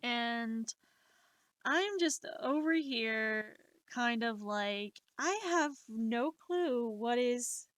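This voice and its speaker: A woman in her late twenties telling stories on a live stream, animated and exasperated, swearing freely. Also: a little high, extremely slow, no echo. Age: 20s. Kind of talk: casual storytelling.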